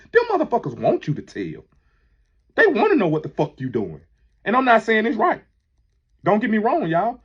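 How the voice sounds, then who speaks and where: A man delivers a fiery, preachy monologue, his raspy voice sitting a bit high and climbing toward near shouting. The audio is muffled and lo-fi. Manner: heated, profane, preachy, rising to near shouting. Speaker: manager addressing critics. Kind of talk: impassioned monologue.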